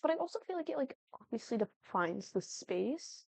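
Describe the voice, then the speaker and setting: A woman's voice: fairly high pitch, big pitch swings, normal speed, creaky, dry recording. A young woman chatting casually as she builds in a life-sim game, thinking aloud and often apologizing. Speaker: Sims building YouTuber. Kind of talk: casual gameplay commentary.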